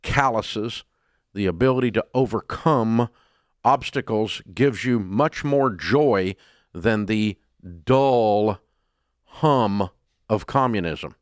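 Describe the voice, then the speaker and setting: A man hosting a radio talk show, ranting bluntly and scornfully, his voice jumping loud and high when he gets worked up. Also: slow, dry recording, studio quality. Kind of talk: opinionated talk radio rant.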